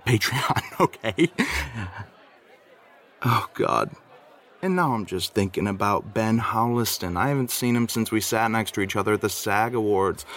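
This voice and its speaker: Flustered low-voiced man rambling. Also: fairly bright tone. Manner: rambling and flustered, voice jumping high when worked up. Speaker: podcast regular leaving a voice message. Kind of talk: comedic rambling voice message.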